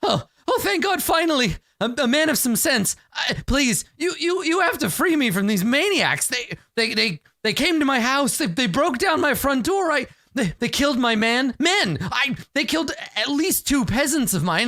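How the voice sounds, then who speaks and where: A man voicing a terrified captive nobleman who stammers and pleads in a high, strained voice. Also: expressive, normal speed, few pauses, bright, forceful tone, no room sound, studio quality, full character voice. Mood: pleading.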